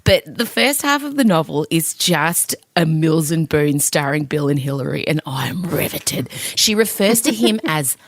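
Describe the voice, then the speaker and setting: A woman's voice: low-pitched, expressive, measured pace, hardly any pauses, dry recording. A woman hosting a podcast, chatting casually in a giggly, teasing way. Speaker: podcast host. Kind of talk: casual chat.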